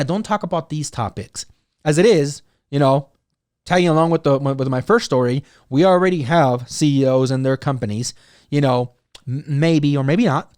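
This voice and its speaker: Guy rambling on his own podcast, lots of you knows and rights, kinda high voice, dry sound. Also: darkish tone, dry recording. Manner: rambling, filler-heavy, frequent "right?" and "you know". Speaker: podcast host. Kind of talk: casual solo commentary.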